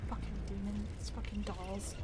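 A woman's voice: medium pitch, level tone, unhurried, noisy background. A woman hosting a gaming channel, giving casual let's-play commentary in a jumpy, profane, irritated way and talking back to the game. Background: loud game music.

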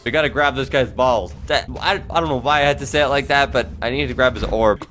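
A man's voice: medium pitch, quick pace, hardly any pauses, over music. A man doing comedic gameplay commentary as a YouTuber, joking around with frequent voice cracks. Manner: jokey, prone to voice cracks. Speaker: gaming YouTuber.

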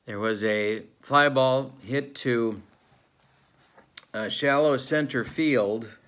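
A man's voice: medium pitch, slow pace. Man doing mock-serious sportscaster narration. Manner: relaxed, with frequent fillers. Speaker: host of a tabletop baseball replay channel. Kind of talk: play-by-play style narration of a tabletop game replay.

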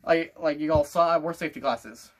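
A man's voice: fairly high pitch, a little fast. A sixteen-year-old boy vlogging casually to camera, rambling and playful in a loose made-up accent. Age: teens. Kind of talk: casual vlog talk to camera.

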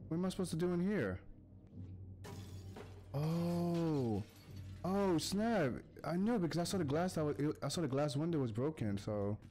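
A man from the United States giving excitable gameplay commentary, talking to the characters on screen and chanting quick urges to keep going. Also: fairly high pitch. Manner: excitable, talks to the game characters, chants urgent repeats. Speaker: gaming YouTuber.

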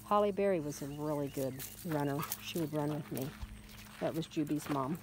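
A woman's voice: low-pitched, normal speed, background noise. Chatty woman walking her puppy. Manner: chatty, talks to the dog in a coaxing voice. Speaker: dog breeder. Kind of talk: casual vlog while walking a puppy. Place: outdoors on a rural road.

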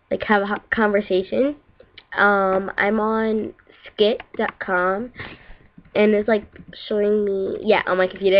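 A young woman from the United States chats to her webcam in a slow, rambling, offhand way. Her mid-pitched voice comes through a dull, lo-fi computer mic. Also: a little hiss or hum. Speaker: vlogger. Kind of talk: casual chat to camera.

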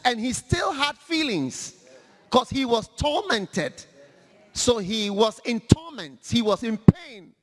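A male preacher giving an animated, humorous sermon, acting out scripture in a large hall. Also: extremely high pitch. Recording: long hall reverb.

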